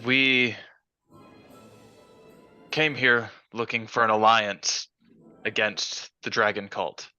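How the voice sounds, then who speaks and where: Easygoing male player, slow, crisp bright tone, muffled lo-fi recording, faint music. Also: on the low side, steady tone. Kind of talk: casual tabletop play. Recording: dull lo-fi mic.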